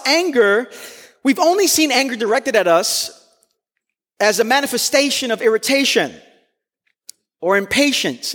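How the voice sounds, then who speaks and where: A man with an unusually high-pitched voice delivers a sermon. He speaks earnestly and with strong emphasis, at times lifting almost to a shout. His voice carries a long reverb that fills a large hall. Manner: earnest and emphatic, rising to near-shouts on key points. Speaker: preacher.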